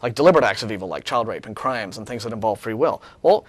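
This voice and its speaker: A man's voice: lowish voice, animated, fast talker, dry recording. A man co-hosting a talk show, chatting casually in a sarcastic, rambling way with many restarts. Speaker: co-host of a call-in show. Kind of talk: casual chat.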